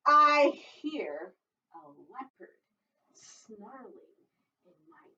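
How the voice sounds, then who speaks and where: Lively sing-song woman reading to kids. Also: high voice, extremely slow. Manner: lively sing-song read-aloud with frequent laughs. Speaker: children's librarian. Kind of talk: prerecorded children's storytime. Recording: distant dull mic in a room.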